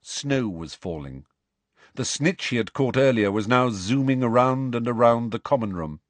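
A man narrating an audiobook with an expressive, varied reading. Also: mid-range voice, moderate pace, no echo.

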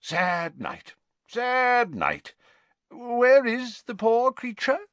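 A man voicing a pompous older male professor with a grave, theatrical, drawn-out delivery. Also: extremely high pitch, wildly swooping pitch, fairly bright tone, no echo, pitched above the performer's own voice, full character voice.

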